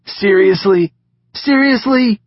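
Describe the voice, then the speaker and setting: A man's voice: a little high, animated, moderate pace, husky, highs cut off, pitched above the performer's own voice. A man voicing Marie, a teasing teenage girl. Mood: giggly. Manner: giggly, teasing. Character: playful teenage girl on the run.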